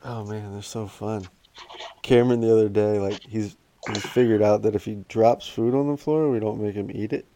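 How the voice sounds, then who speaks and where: Laughing storytelling dad, casual swearing. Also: male voice, on the low side, steady tone, normal speed, mellow. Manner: swearing, laughing storyteller who acts out his kids. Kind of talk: casual chat.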